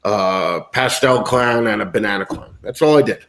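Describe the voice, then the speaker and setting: A man's voice: lowish voice, moderate pace, a bit bright, a little hiss or hum. A man from the United States, a guest in a casual chat, talking bluntly with lots of swearing and ranting.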